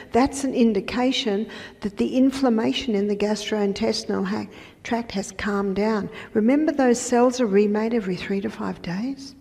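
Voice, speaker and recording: A woman health educator giving a lecture, telling patient stories in a conversational way with soft asides. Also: mid-range voice, vocal fry. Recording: reverberant lecture hall.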